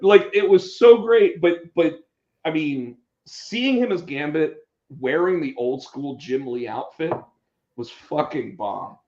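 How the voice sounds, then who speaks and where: A man's voice: a little high, slow pace. Man chatting in a roomy lo-fi room. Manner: animated, acts out quotes, many restarts. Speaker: podcast host. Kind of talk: casual movie chat. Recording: roomy, dull lo-fi sound.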